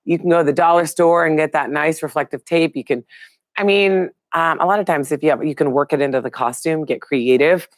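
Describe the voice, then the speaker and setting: A woman's voice: sits low, fairly quick, no room sound. A middle-aged woman hosting a live online show, chatting casually and upbeat with viewers and reading out their names.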